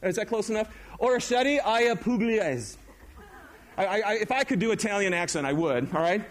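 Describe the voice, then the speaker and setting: High-voiced man preaching a lively sermon. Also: fast talker. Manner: animated, conversational preaching with audience questions. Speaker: pastor.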